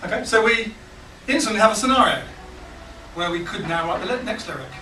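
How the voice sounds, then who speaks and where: A man leading a songwriting workshop for a small group, talking in a relaxed, halting way with plenty of ums and restarts. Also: high voice, distant mic. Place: large hall with a small group. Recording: echoey room, picked up from afar, noisy.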